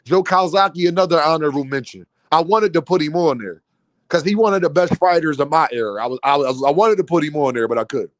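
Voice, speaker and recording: A man's voice: on the high side, fast talker, no echo. A man hosting a livestream in casual commentary, emphatic and repeating his points straight to the chat. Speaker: livestream host. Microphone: streaming mic.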